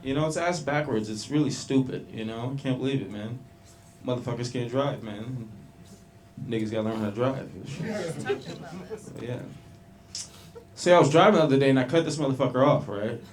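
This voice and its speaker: A man's voice: medium pitch, moderate pace, pauses often. Profane stand-up comic man. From Long Beach, California. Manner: loose, profane storytelling with crowd banter. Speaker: stand-up comedian. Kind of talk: open mic stand-up set. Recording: small club with faint noise.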